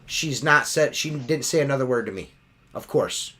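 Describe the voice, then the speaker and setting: A man's voice: medium pitch, animated, normal speed, sharp tone. A man co-hosting a casual podcast, blunt and profane. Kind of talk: casual chat.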